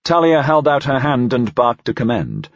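A man narrating a science-fiction audiobook in a steady, expressive reading. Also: mid-range voice, normal speed, dry recording, lo-fi sound. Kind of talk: scripted narration.

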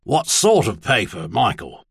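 A man's voice: lowish voice, huge pitch swings, a little slow, gravelly, husky, no room sound, clean studio sound, heavily acted. A man reading the part of a wry, shrewd older male spymaster baron in an audiobook. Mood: intent. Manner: wry, probing questions.

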